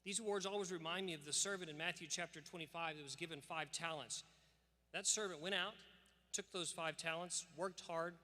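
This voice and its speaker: A man delivers a formal commencement address, earnest and emphatic, with the cadence of a preacher. His voice sits fairly high and has a bright, forceful edge. It rings out with the long reverb of a large church sanctuary. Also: a little fast. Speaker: school administrator giving commencement address. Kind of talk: formal commencement speech with scripture reading.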